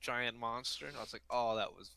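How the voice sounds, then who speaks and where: Male co-host, very bright crisp voice, casual profane chat. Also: medium pitch, a little fast, no room sound.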